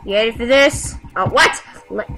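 A woman giving casual gameplay commentary, excitable and talking back to the game with frequent yelps and exclamations. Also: a little high, normal speed, faint music behind, low-quality recording. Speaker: gamer.

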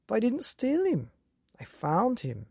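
A woman's voice: a little high, wildly swooping pitch, measured pace, gravelly, warm tone, slightly rough, dry recording, clean studio sound, pitched above the performer's own voice, heavily acted. A woman voicing an eager, pleading young boy in a bedtime story.

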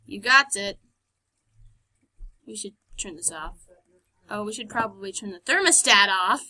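Bright-voiced woman chatting through a game. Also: medium pitch, lively intonation, unhurried, long pauses, low-quality recording. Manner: chatty, self-mocking, mutters and whispers to herself. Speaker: game let's-player. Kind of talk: casual gameplay commentary.

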